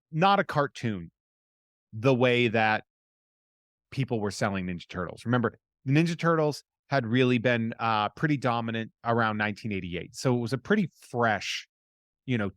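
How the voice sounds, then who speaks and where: A man's voice: mid-range voice, no echo, studio quality. Blunt, opinionated male podcast host. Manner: blunt, opinionated, corrects others emphatically. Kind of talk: casual chat.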